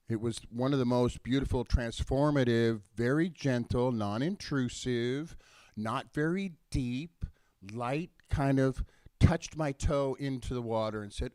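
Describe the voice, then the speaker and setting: A man's voice: medium pitch, darkish tone, no echo. A middle-aged man telling a raw personal story, emotional and blunt, with swearing. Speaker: storyteller at a live event.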